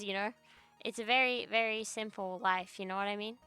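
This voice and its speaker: A woman's voice: mid-range voice, steady tone, brisk, pushed and bright, clear, resonant tone, faint music behind. A young woman streaming as a VTuber from her home computer, chatting casually in a rambling, profane, ranting way. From Australia. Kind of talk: casual livestream chat.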